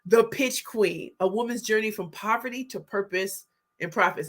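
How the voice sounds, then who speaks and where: A middle-aged woman hosting a livestream, reading viewer comments aloud and greeting people by name with excited, exclamatory energy. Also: mid-range voice, normal speed. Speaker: livestream host, book pitch coach.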